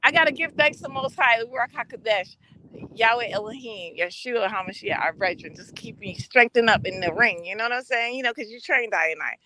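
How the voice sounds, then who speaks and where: Bright-toned woman telling stories. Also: fairly high pitch, brisk, low-quality recording. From Brooklyn, New York. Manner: animated storytelling, acts out quoted voices. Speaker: host. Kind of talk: casual live-stream talk.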